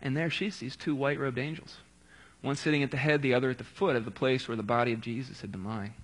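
A man's voice: medium pitch, fairly even intonation, quick pace. A man preaching a casual sermon, retelling scripture in a conversational way with quips and asides.

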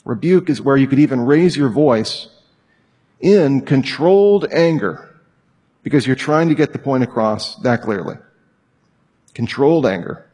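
A man teaching a weekly Bible class in a lively, animated way, acting out example lines. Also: medium pitch, unhurried, pauses often, slightly rough, long reverb tail. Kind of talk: sermon-style teaching talk.

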